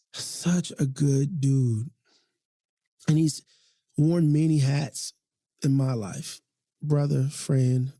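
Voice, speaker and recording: A man's voice: a little high, creaky, mellow, no echo. A man hosting a podcast in a recording studio, talking in a casual, passionate, slangy way and often repeating himself. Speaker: podcast host. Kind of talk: casual, heartfelt podcast talk.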